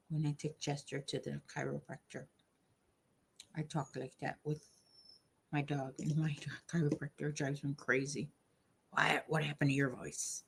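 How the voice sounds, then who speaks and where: Slow, low-voiced woman chatting while crocheting. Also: little pitch movement, vocal fry, a little hiss or hum. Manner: chatty, talks to viewers by name. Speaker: crochet livestream host. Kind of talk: casual chat while crocheting.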